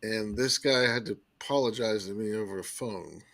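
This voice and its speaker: A man's voice: fairly low pitch, normal speed, no room sound. A man telling a personal story on a podcast in a casual, emphatic way. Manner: animated, emphatic retelling with acted quotes.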